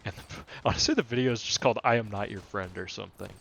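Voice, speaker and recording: A man's voice: on the low side, fast talker, creaky, a bit bright, slight background noise. A young man hosting a casual monologue podcast, ranting in an exasperated, rambling way with many fillers and restarts. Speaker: podcast host.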